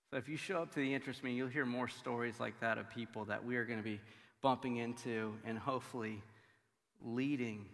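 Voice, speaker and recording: Pastor, man in his 30s, chatty and animated, bright forceful tone, booming church reverb. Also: gravelly. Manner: conversational, filler-heavy, animated storytelling. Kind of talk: sermon with humorous family stories. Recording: long hall reverb.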